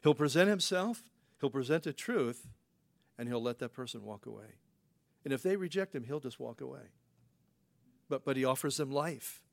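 A man's voice: medium pitch, expressive, normal speed, gravelly, long pauses. A man preaching a conversational sermon as a pastor, folksy and full of rhetorical questions. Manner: folksy, rhetorical questions, frequent "you know" fillers.

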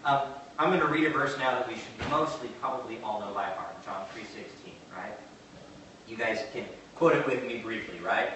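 A man preaching a sermon, moving from quiet asides to slow, emphatic declarations and questioning his congregation. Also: on the low side. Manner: asks the congregation questions and answers back. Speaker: pastor. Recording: echoey hall from far off, faint noise.

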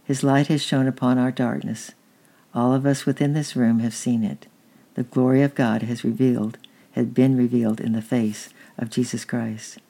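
A man's voice: medium pitch, little pitch movement, vocal fry, warm tone. A man voicing a solemn old apostle. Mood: fervent. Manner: solemn, proclaiming, slow blessing. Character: aged apostle man, fervent, solemn preacher.

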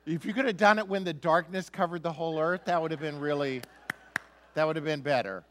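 A man's voice: fairly high pitch, brisk. Man preaching a conversational sermon. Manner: reads scripture then explains it in a conversational, emphatic way. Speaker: pastor.

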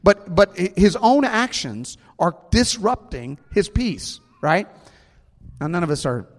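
A man's voice: sits high, sing-song, slow pace, in a large hall. A man in his thirties, a pastor preaching a sermon in a conversational, joking way with the congregation.

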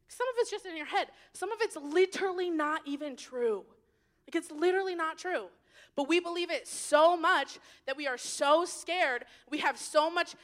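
A young woman leads a youth sermon in a bubbly, chatty way. Her voice sits high and bright, and she jumps between loud, excited bursts and hushed asides. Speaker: youth leader.

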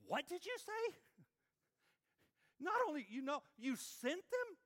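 An exasperated ancient prophet, put on by a preacher, airs his grievances with wry sarcasm. The voice sits higher and pushes a bit louder than plain speech. It sounds fed-up and indignant in a lasting way. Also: very animated, moderate pace. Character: exasperated ancient male prophet complaining to God.

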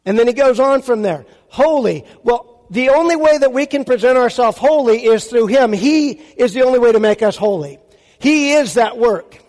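A man's voice: very high-pitched, lively intonation, moderate pace, darkish tone. A man preaching a sermon as a pastor, emphatic and full of rhetorical questions to the audience. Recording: long hall reverb.

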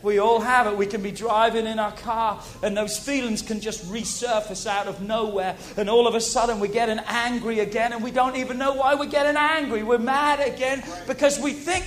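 A man preaching a sermon to a congregation, animated, repeating key phrases and asking the audience questions. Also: very high-pitched, moderate pace, hardly any pauses.

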